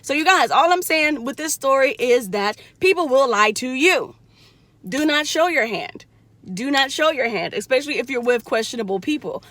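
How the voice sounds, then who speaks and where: A young woman talks straight to her viewers in a blunt, profane way, acting out each line of a conversation. Her voice sits a little high for a woman. The sound is dry and close, with no room echo. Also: normal speed. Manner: blunt, profane, animated retelling with quoted voices. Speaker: vlogger. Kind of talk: casual storytelling to viewers.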